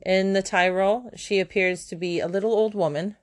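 A woman's voice: mid-range voice, fairly even intonation, normal speed. A woman in her thirties hosting a casual solo podcast at home, chatty and self-mocking, her mouth sore and her words a little slurred. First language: German. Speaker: podcast host. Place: home room with kids nearby.

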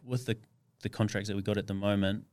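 A man's voice: fairly low pitch, fairly even intonation, fast, darkish tone, clear, resonant tone, no echo. A young adult man as a podcast guest, rambling as he thinks aloud. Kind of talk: casual interview chat.

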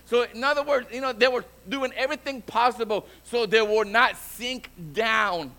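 A man's voice: very high-pitched, moderate pace, few pauses, sharp tone. A man preaching a sermon as pastor, often repeating and restarting words and building to emphatic exhortation, switching between languages. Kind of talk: bilingual sermon.

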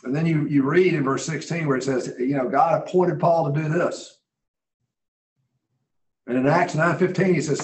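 A man teaching a Bible study lesson in a folksy, conversational way, often clearing his throat. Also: fairly high pitch, moderate pace, a little mellow, a little hiss or hum. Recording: roomy echo.

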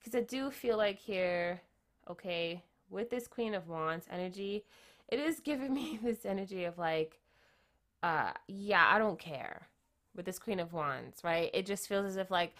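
A woman giving a casual tarot reading, chatty, often tagging her points with quick questions and repeating herself. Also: medium pitch, expressive, a bit bright. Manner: chatty, keeps adding "right?" tag questions; repeats and restarts phrases. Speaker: tarot reader.

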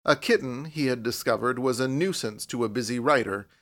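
A man narrating a storybook in a measured, even way, with a voice that sits at an ordinary middle pitch for a man. The delivery is steady, unhurried reading. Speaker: audiobook narrator. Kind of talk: scripted narration.

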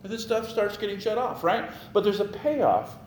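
A man preaches in a roomy, echoing church sanctuary, with a faint hum of ambience behind him. His delivery is animated: he drives points home through repetition, and his voice climbs as he builds emphasis. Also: high voice, normal speed. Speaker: pastor. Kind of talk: sermon. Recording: echoey room with faint ambient noise.

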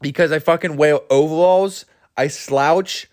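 A young man tells a long, rambling comic story and keeps filling the gaps with "like" and "you know." He sounds overtired, and his voice sits a little higher than most men's. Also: measured pace, a little mellow. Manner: rambling, lots of fillers, giggly asides. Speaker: podcast host. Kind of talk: rambling comedy monologue.

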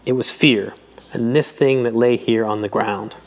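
A man reading a novel aloud in a measured, even narration. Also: medium pitch, a little hiss or hum. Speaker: audiobook reader. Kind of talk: scripted narration.

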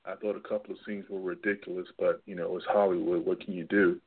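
A man's voice: low-pitched, little pitch movement, quick pace, husky. A man calling in to a radio talk show, teasing the hosts in a joking way. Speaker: caller. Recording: phone line.

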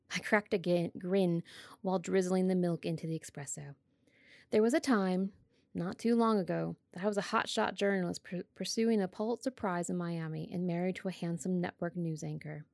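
A woman's voice: on the low side, fairly even intonation, a little fast, vocal fry, a little mellow, no echo, studio quality. A woman hosting a podcast, bubbly and eager, reading a novel aloud. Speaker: podcast host and reader.

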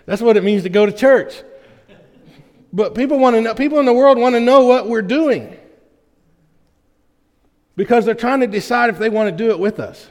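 A man's voice: very high-pitched, normal speed, long pauses, darkish tone, in a large hall. A man preaching a conversational sermon as pastor of a church, folksy and full of "right?" check-ins with his congregation. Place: church sanctuary.

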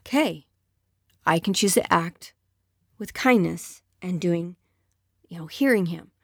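A woman's voice: on the low side, expressive, slow, vocal fry, pauses often, dry recording, studio quality. A woman speaking earnestly and conversationally, giving relationship advice to other women.

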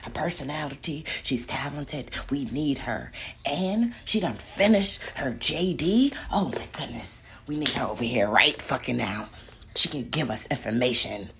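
A woman mimicking a scheming secret-society recruiter in a hushed, partly whispered voice. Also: rumbling low, moderate pace, vocal fry, noisy background, pitched below the performer's own voice.

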